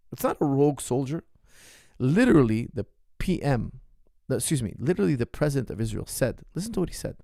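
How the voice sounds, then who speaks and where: Male coach-host, impassioned emphatic monologue, middling pitch, dry recording. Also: no room sound. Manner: emphatic, repetitive, rising to forceful outbursts. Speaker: martial arts coach hosting a Q&A.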